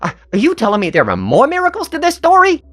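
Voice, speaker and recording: A man putting on a squeaky Heckle Squid. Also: fast, exaggerated voice. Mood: pushy. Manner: excited, needling, high squeaky delivery. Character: plucky squid sidekick, cheeky and pushy.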